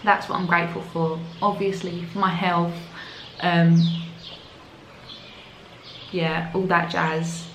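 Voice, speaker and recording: Brief: young woman, London accent, lower voice, casual vlog chatter, echoey sound. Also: little pitch movement, slow, pauses often, a little hiss or hum. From London, England. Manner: chatty, full of "like" fillers. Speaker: vlogger. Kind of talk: casual chat to camera. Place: outdoors in the evening.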